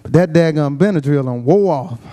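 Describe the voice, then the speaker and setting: High-voiced man doing stand-up comedy. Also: expressive, brisk, warm tone. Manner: Southern Black vernacular, storytelling, laughing at his own jokes. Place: comedy stage before a live audience.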